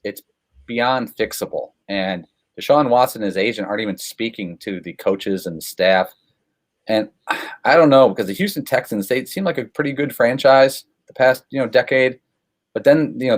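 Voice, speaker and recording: A man guest telling sports stories in a casual, animated, self-deprecating way. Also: medium pitch. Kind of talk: casual storytelling.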